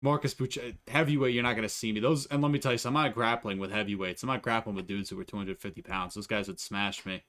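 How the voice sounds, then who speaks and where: A man's voice: on the low side, steady tone, fast talker, few pauses, fairly bright tone. A young man giving casual, profane MMA fight predictions, rambling and joking as he stumbles over fighter names.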